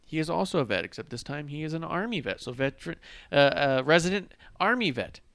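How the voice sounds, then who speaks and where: Two buddies' wrestling show: this host talks in a clean, resonant voice, close and dry on the mic, with no room around it. He keeps things loose and jokey, cracking wise between sips, mid-pitched and relaxed. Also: fairly quick, no echo. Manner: joking, loose, drinks on air. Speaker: podcast host. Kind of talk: casual wrestling podcast chat.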